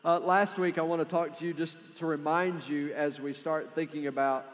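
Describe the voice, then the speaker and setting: In a large church sanctuary full of long hall reverb and faint music, a West Texan pastor leads a sermon with prayer and announcements. His fairly high voice keeps a fairly even intonation at a moderate pace, and he talks in an earnest, conversational manner with lots of fillers.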